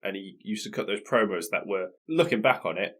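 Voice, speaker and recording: A man, co-hosting a podcast and talking in a quick, matter-of-fact way as he watches along. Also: on the low side, lively intonation, a bit bright, slightly rough. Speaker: podcast co-host. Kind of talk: casual chat, watching along.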